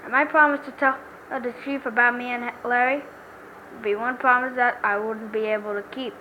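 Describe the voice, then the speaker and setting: A woman's voice: a little high, fairly even intonation, moderate pace, sharp tone, a little hiss or hum, low-quality recording. A woman voicing a young male defense lawyer in a game, earnest and emphatic in a dramatic way. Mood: reflective.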